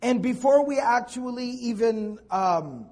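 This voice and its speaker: A man's voice: very high voice, expressive, measured pace, a little mellow. A man teaching a Quran tafsir lecture, explaining step by step and repeating key points for emphasis.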